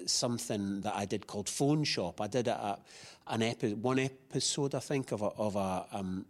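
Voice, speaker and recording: A middle-aged man, an actor being interviewed, talking in a chatty, rambling way with many restarts. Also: fairly low pitch. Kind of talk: casual interview chat.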